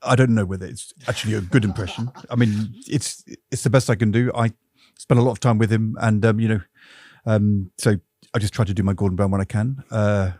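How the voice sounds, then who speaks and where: A middle-aged man, a former politician, telling stories in lively casual chat as a podcast co-host. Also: lowish voice, fairly quick, dry recording. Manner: animated, storytelling.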